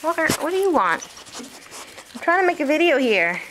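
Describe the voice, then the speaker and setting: A woman's voice: sits high, very animated, normal speed, background noise. A woman filming her small child at home, talking to the child in a playful sing-song way. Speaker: parent filming her toddler. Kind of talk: casual home video. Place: family home indoors.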